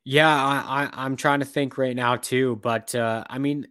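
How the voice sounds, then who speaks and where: A man's voice: mid-range voice, fairly even intonation, unhurried, a bit bright, clean tone, no echo, studio quality. A young man co-hosting a casual sports chat, rambling with lots of fillers and restarts.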